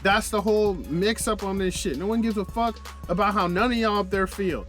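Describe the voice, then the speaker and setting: A man's voice: high-pitched, fairly even intonation, brisk, a bit bright, soft background music. A man hosting a reaction video, talking in a casual, profane, exasperated way with plenty of slang.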